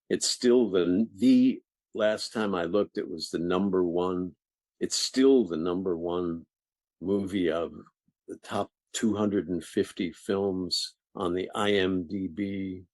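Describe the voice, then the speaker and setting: Older male actor, low voice, lively raconteur, dry sound. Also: no room sound. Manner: animated, laughing, restarts sentences. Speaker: actor guest. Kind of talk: interview storytelling.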